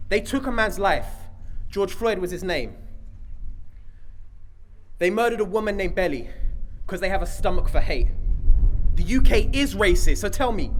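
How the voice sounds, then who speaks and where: High, lively man reciting a spoken-word poem. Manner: rhythmic, rhyming, emphatic delivery. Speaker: protest speaker. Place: outdoor park rally.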